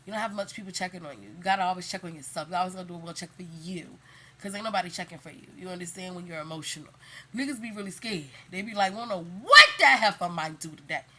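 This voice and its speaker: A woman's voice: lowish voice, very fast. A woman speaking in a casual, candid monologue to camera, emphatic and slangy, rambling with lots of fillers. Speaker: vlogger.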